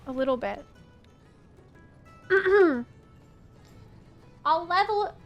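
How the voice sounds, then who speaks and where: Woman streaming a game, high voice, takes her time, playful and giggly with her group. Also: a bit bright. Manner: playful and giggly, chatting with teammates. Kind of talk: casual chat while gaming.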